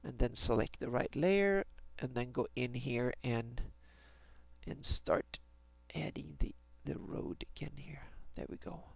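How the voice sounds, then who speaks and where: A man's voice: mid-range voice, animated, unhurried, creaky, a bit bright, no echo. A man thinking aloud on a live stream as he draws a fantasy map, hesitant, with many restarts. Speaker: fantasy map maker streaming his work.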